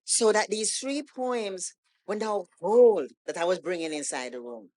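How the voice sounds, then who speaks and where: A woman guest on a podcast, telling a story in a casual, animated way and acting out the lines of the people in it. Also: medium pitch, measured pace. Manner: animated storytelling, acts out quoted dialogue. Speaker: guest poet.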